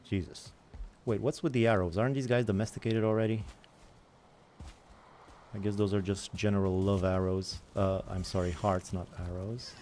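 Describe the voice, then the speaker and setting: Here the streamer's fairly low voice stays fairly even at a moderate pace, a little mellow, with slight background noise. He keeps up self-deprecating, meandering chatter about his survival game while responding to chat.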